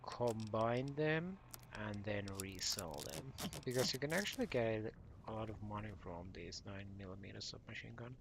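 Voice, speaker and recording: A man's voice: on the low side, animated, normal speed, gravelly, noisy background. A man casually commenting while playing a video game, rambling and often correcting himself. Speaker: gaming channel host. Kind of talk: casual let's play commentary.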